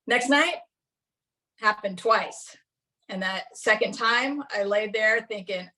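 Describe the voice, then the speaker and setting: A woman's voice: medium pitch, slow pace, sharp tone. A middle-aged woman giving a casual class talk, chatty and anecdotal, often laughing as she tells her own story. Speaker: class presenter.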